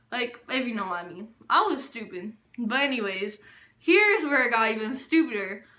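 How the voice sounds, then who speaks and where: A young woman casually telling a storytime vlog, animated and full of filler words. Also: high voice, roomy sound. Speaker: vlogger.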